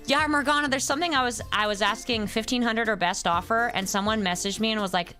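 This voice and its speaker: A woman's voice: a little high, fast, hardly any pauses, bright, forceful tone, soft background music. A young adult woman streamer chatting casually with her viewers, ranting in an exasperated way. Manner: exasperated ranting, reads chat names aloud. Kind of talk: casual live-stream chat.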